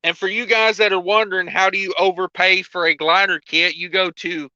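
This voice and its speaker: A man hosting a casual livestream chat among truckers, joking in a deadpan way, on dull muffled stream audio. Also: high voice, a little fast, no echo. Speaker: livestream host.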